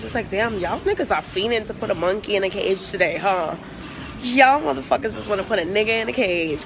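A woman's voice: medium pitch, normal speed. A woman on tour venting angrily into her phone at an airport, swearing hard and stringing together filler words. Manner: profane, ranting, heavy filler words. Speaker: recording artist on tour. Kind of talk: angry venting selfie monologue. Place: airport terminal. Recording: noisy phone recording with vehicle sounds.

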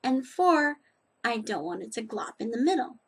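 A woman's voice: on the high side, sing-song, moderate pace, creaky, breathy edge. A woman chatting casually in a rambling, self-deprecating way as she reviews nail polish on her vlog.

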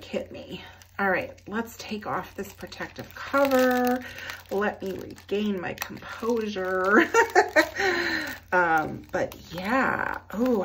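A woman's voice: medium pitch, fairly bright tone, a little hiss or hum. A woman chatting casually through a planner unboxing at her desk, gushing over each piece. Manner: gushing, effusive, slow and lingering on praise. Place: indoors at a desk.

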